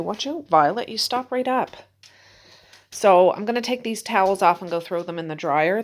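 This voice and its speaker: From her home indoors, a woman vlogger with a slightly low voice speaks easily to the camera. She keeps up chatty running commentary on her housework, as if talking to herself while doing chores.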